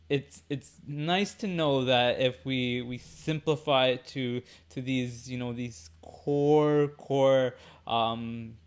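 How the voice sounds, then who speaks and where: A man hosting a podcast, talking thoughtfully in a halting casual way, often repeating words as he gathers his thoughts. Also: medium pitch, clean tone. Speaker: podcast host. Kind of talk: casual conversation.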